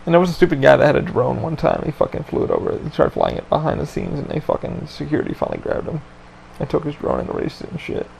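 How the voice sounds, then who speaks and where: A man's voice: on the high side, wildly swooping pitch, fast talker, vocal fry, a little mellow, a little hiss or hum, poor audio. A man hosting a podcast, telling a story in a casual chat with lots of swearing and loose rambling. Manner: profane, laid-back, loose rambling. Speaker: podcast host.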